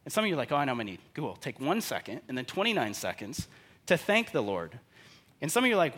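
A man preaching a sermon as pastor, animated, acting out stories and quotes in lively voices. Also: mid-range voice, fast talker, slightly rough.

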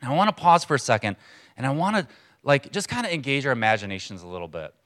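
A man preaching a sermon in a church to a congregation, in a conversational, earnest way with pauses for emphasis. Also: mid-range voice, sing-song, fairly bright tone. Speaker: pastor.

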